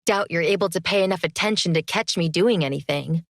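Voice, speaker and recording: A woman's voice: fairly low pitch, fairly quick, no echo, lightly acted. Woman doing a bold young witch student, teasing, cool, dry audiobook sound. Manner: cool and cheeky.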